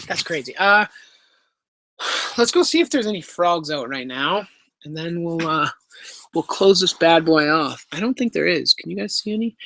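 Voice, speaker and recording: A laid-back man from Canada reads the chat aloud, jokes and swears during a casual home live stream Q&A picked up by his laptop microphone, in a room with pet enclosures. His voice is on the high side, bright and forceful, with no echo.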